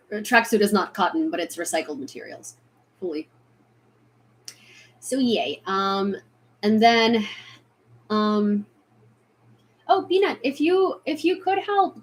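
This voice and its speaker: A woman from Ukraine, speaking with an American accent, chatting casually on a live stream with lots of fillers, restarts and sudden excited bursts. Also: mid-range voice. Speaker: vlogger answering chat.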